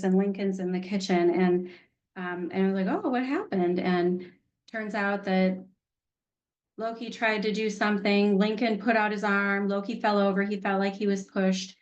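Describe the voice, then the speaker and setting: A woman's voice: mid-range voice, muffled recording. A middle-aged woman teaching an online healing class, chatty and candid, laughing easily. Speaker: workshop teacher.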